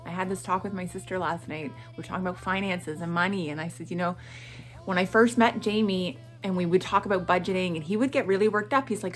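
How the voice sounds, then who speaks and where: A woman's voice: mid-range voice, fast. Chatty middle-aged woman vlogger. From Atlantic Canada. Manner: animated and chatty, with frequent laughs and self-talk asides. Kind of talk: chatty morning vlog.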